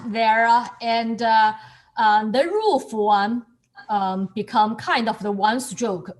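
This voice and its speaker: A woman teaching a student over a video call, explaining patiently and encouraging the student as she repeats each word. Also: medium pitch. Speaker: calligraphy and Chinese teacher. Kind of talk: online lesson explaining to a student.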